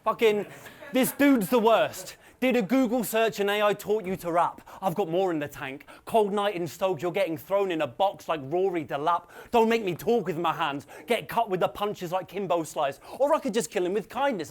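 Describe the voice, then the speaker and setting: A man delivering punchy, taunting rap battle verses at a live event. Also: sits high. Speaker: battle rapper.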